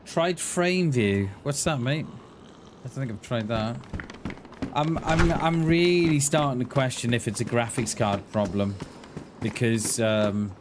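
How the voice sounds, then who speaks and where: A man's voice: medium pitch, takes it slowly. A man streaming a game, chatting casually in a rambling, hesitant way and often repeating his words. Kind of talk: casual live-stream chat. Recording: game noise behind the voice.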